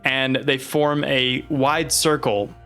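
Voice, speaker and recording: A man's voice: medium pitch, steady tone, takes it slowly, bright, forceful tone, soft background music. A man narrating a tabletop game as game master, hesitant and full of fillers.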